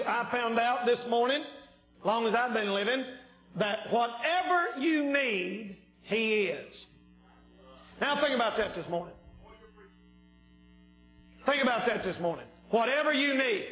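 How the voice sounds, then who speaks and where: Male revival preacher, shouting fervent delivery, slightly strained voice, echoey church room. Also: very high-pitched. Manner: yells and shouts when preaching. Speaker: evangelist preacher. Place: church sanctuary.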